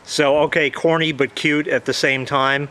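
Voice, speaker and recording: A man's voice: fairly high pitch, flat delivery, moderate pace, pushed and bright. Swearing man ranting about a repair shop. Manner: swears freely, retells dialogue in quotes. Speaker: vlogger. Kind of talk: casual profane rant.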